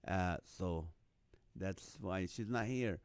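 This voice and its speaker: A man from the Middle East hosts a relaxed live stream, joking and chuckling as he reads out viewer names and guesses. His voice is smooth and resonant, and the sound is close and dry with no room around it. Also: low-pitched, takes it slowly, no room sound. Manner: jokey, laughs often, chuckling while reading names and numbers. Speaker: host of a live online show. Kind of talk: casual live-stream chat reading viewer comments.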